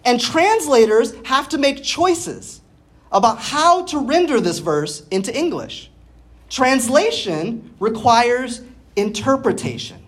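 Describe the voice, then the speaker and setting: A woman preacher giving a teaching sermon, explaining things step by step, asking her listeners questions and sounding out Greek words slowly. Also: high voice. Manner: explanatory, asks the audience questions. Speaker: pastor.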